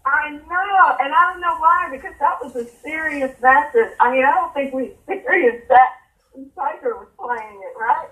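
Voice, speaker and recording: Female sports reporter guest from the East Coast, high-ish voice, chatty, echoey phone line from a distance. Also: normal speed, fairly bright tone. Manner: chatty, lots of fillers. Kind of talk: casual interview chat.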